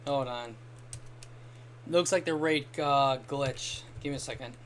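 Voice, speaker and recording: Guy streaming a game, rambling through a story, swears a lot, gets loud and animated doing other people's lines, average pitch. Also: unhurried, a little hiss or hum. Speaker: gaming streamer. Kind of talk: casual storytelling while gaming.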